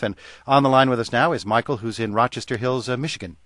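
A man hosts a radio call-in show in a measured, conversational way. His pitch sits in the middle range. The studio sound is dry and close. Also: a bit bright, dry recording. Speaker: radio talk show host.

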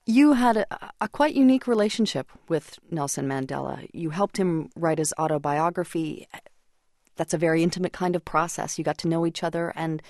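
A woman hosting a radio interview, asking questions in a measured way. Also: low voice, darkish tone, no echo, studio quality.

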